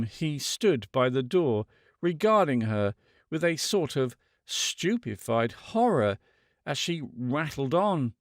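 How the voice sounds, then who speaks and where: A man narrates a classic novel in a measured, dramatic reading. He takes his time, lets his slightly high voice rise and fall with feeling, and sounds close and dry on a studio mic. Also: no room sound. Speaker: audiobook narrator.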